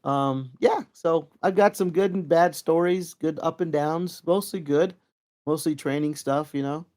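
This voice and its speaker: A middle-aged man with a fairly high voice tells old stories in a loose, rambling way. He talks casually, with lots of fillers and restarts, and gets lively when he acts out what his old teacher said. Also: measured pace. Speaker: interview guest, Kempo practitioner. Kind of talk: casual storytelling.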